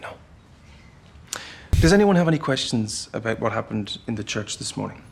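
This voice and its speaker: A vain young Irish priest. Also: male voice, fairly low pitch, very animated, normal speed, creaky, slight background noise. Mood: probing. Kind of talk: TV comedy acting.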